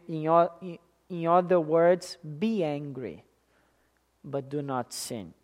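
Slow, emphatic preacher. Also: medium pitch. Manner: deliberate and emphatic, repeating key phrases; swings between loud stresses and quiet asides. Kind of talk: sermon.

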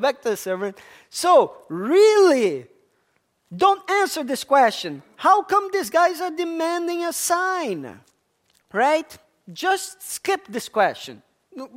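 A preacher delivering a sermon, stressing and repeating key words and asking the congregation questions. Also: medium pitch. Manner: emphatic, repeats key words, addresses listeners as church.

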